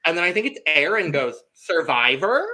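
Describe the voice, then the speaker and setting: Lively guy, bright voice, bouncy pitch, chatting reality tv on a podcast. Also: normal speed, rough recording. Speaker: podcast co-host. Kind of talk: casual reality TV recap chat.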